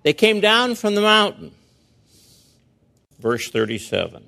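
Guy preaching real slow, kinda high voice, emphatic and rhetorical. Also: wildly swooping pitch, creaky, pushed and bright. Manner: emphatic and rhetorical, dramatic verse reading. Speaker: pastor. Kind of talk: expository sermon.

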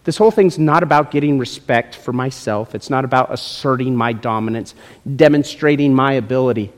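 A male pastor preaching a sermon with lively, joking asides to people in the congregation. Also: mid-range voice, fairly quick. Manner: lively, jokes with congregation members by name. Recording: long reverb in a large hall.

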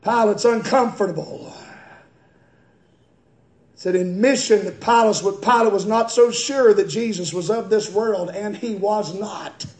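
A male pastor preaching a fiery sermon in a church, swinging from quiet, slow reading to high, shouted preaching. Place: church sanctuary. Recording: echoey church room.

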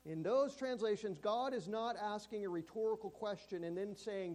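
A man preaching a sermon in a church. He speaks emphatically and slows down and drops to a hush on key words. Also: high-pitched, animated. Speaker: pastor.

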